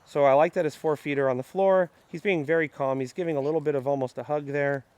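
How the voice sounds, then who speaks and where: A man's voice: fairly high pitch, steady tone, fast talker, a little mellow. Upbeat man explaining dog training. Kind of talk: instructional training vlog.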